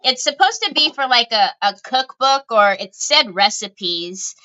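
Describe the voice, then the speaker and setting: High, bright-voiced chatty woman livestreamer. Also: expressive, a little slow, lo-fi sound. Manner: chatty, giggly, greets viewers by name. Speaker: craft livestream host. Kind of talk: casual livestream chat greeting viewers. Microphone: phone.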